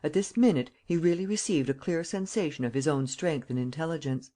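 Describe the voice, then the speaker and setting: An audiobook reader narrating a classic detective novel in a measured, even way. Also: mid-range voice.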